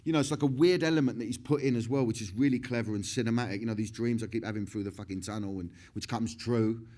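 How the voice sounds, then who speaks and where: With a warm, mid-range voice and a fast delivery, a middle-aged man speaks candidly in an interview on stage. He laughs a lot, curses nonstop and rambles, frequently starting his sentences over.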